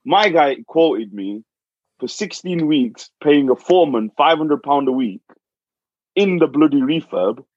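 A man telling a property investor's story in casual chat, repeating words when excited. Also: a little high, a little slow, no echo, lo-fi sound.

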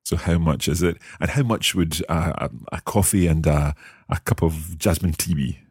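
A man's voice: rumbling low, moderate pace, darkish tone, breathy edge, no echo, studio quality. A man co-hosting a language lesson as the learner, curious, asking many questions and carefully repeating new phrases.

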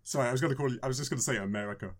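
A man's voice: medium pitch, very fast. Chatty British male podcast host. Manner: chatty, repeats words and says right?. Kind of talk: casual chat.

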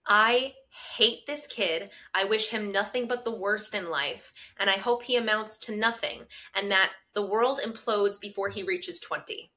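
Bright-voiced woman telling an indignant story. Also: mid-range voice, measured pace, hardly any pauses. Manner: animated, indignant storytelling with rising outrage. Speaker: podcast co-host. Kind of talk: casual chat, storytelling.

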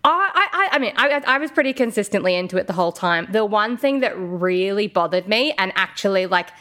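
A woman co-hosting a podcast, talking in a chatty, expressive way full of fillers. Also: medium pitch, a little fast. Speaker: podcast co-host. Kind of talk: casual podcast chat.

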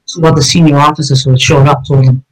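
A man's voice: fairly high pitch, level tone, fast, rough recording. Blunt, cursing man telling his story. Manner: blunt and emphatic, heavy cursing. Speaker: police officer telling his story as a guest. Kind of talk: emotional storytelling in a conversation.

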